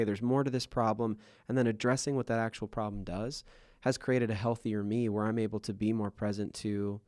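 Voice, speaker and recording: Low-pitched man in his 30s, podcast host, candid and self-revealing, dry close sound. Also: darkish tone, no echo. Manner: open, self-revealing storyteller with frequent fillers.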